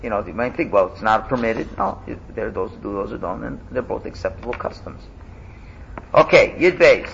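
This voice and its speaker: A man teaching a casual class, lively and animated, chanting loudly when he demonstrates. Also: fairly low pitch, brisk, gravelly, muffled recording, slight background noise.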